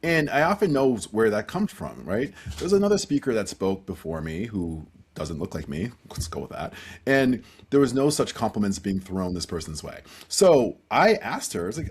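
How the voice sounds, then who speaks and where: A man with a slightly husky voice tells stories as a podcast guest, his pitch rising and falling with energy. He speaks earnestly and animatedly. He talks like a seasoned professional speaker. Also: big pitch swings, moderate pace, a little mellow. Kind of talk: casual podcast conversation.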